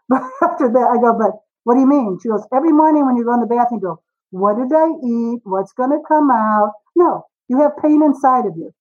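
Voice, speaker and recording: A woman in her forties, a guest author on a podcast interview, telling stories with lively acted-out dialogue. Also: fairly high pitch, muffled recording. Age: 40s. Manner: animated storyteller, acts out dialogue.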